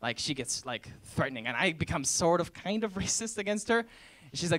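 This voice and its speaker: A man's voice: a little high, lively intonation, fast, a bit bright. A man in his twenties performing a college stand-up set, telling stories and acting out family members and strangers. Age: 20s. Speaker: stand-up comedian. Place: college stage before a laughing audience.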